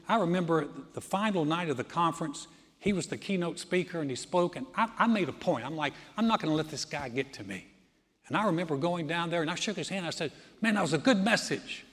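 A man preaching a sermon as pastor, telling stories and swinging between loud emphasis and hushed, low lines. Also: in a large hall.

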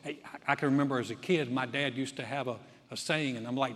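A man's voice: mid-range voice, fast, fairly bright tone. A man from North Carolina preaching a sermon in a folksy, conversational way. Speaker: pastor. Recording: long hall reverb.

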